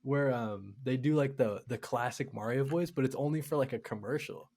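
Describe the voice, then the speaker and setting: Young male podcast co-host, mid-pitched, loose excited chat, says dude. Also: normal speed. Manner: excited, casual, swears, says "dude" a lot. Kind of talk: casual chat.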